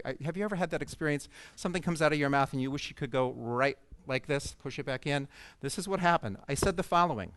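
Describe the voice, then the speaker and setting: A man's voice: a little high, a bit bright, clear, resonant tone, dry recording. A man giving a conference talk, telling a personal story with humor and self-deprecating asides to an audience. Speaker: speaker at a coaching conference. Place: conference stage.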